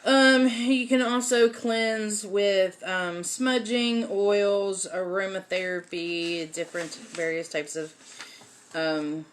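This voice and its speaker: A woman's voice: medium pitch, fairly even intonation, takes it slowly. A woman hosting a casual livestream lesson on folk magic, talking in a chatty way with many "um" fillers. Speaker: host teaching folk magic.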